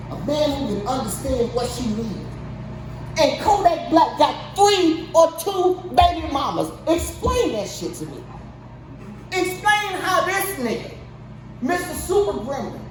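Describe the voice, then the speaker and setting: A woman hosting her own show in a heated, profane comedic rant, swinging between muttering and yelling in disbelief. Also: sits high, big pitch swings, unhurried. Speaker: show host. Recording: echoey, distant mic, noisy ambience.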